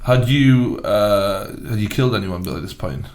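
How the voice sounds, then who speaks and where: A man with a Geordie accent hosts a podcast interview in an easygoing, chatty way. His voice sits a little low. He asks loose, friendly questions. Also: lively intonation, moderate pace. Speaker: podcast host. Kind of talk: casual interview.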